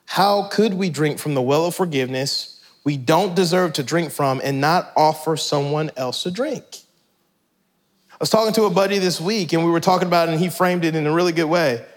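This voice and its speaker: Male pastor, high-pitched, conversational sermon with animated asides. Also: brisk.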